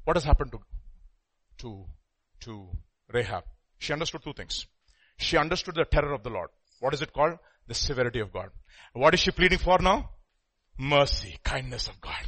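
Dramatic preacher, bright tense voice. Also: male voice, medium pitch, expressive, husky. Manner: dramatic swings from hushed to loud; slows down to stress key words. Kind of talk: preaching a sermon.

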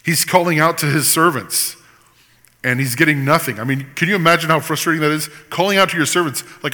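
A man's voice: a little high, expressive, fairly quick, bright, forceful tone, long reverb tail. A man preaching a sermon as pastor, earnest and sometimes impassioned. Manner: earnest, rises to impassioned pleading at times.

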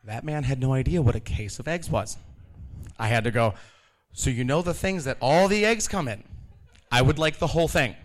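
A man in his thirties tells a live story about his kitchen job, animated and laughing as he acts out the people he quotes. His voice is mid-range and his speed normal.

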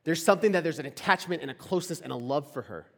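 A young man with a slightly high, fairly bright voice races through his words expressively. He's a campus ministry speaker giving a laid-back storytelling sermon to a live audience in a big hall, chatty and full of "like" and questions for the crowd, with echo throughout the recording.

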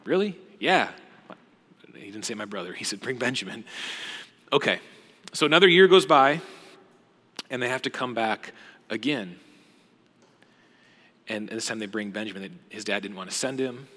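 A young adult male pastor tells a Bible story in a sermon, acting out voices and dropping to hushed asides. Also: on the low side, normal speed, long pauses. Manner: animated retelling with voiced quotes and hushed asides. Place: church auditorium. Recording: long hall reverb.

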